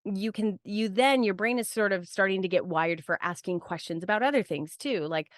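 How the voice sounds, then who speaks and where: A podcast guest with a medium-pitched voice speaks at a moderate pace with hardly any pauses, recorded in clean studio sound without echo. Her talk is casual and reflective, rambling, full of restarts and peppered with "like" and "right?".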